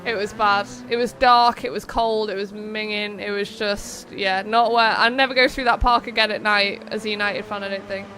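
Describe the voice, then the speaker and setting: A woman's voice: medium pitch, steady tone, normal speed, hardly any pauses, sharp tone, a little hiss or hum. A young woman hosting a live stream of a racing game, chatting casually, wandering off on tangents and reading out viewers' messages. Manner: chatty, rambling, reads chat aloud. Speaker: streamer and race host.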